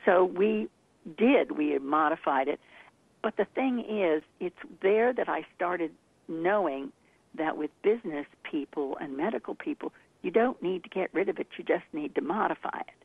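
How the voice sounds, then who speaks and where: Guest accent coach, a woman, animated storyteller, gravelly tone, phone-line sound. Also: fairly low pitch, moderate pace, no room sound. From Texas, part of childhood. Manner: animated storyteller, laughs often. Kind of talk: interview over the phone.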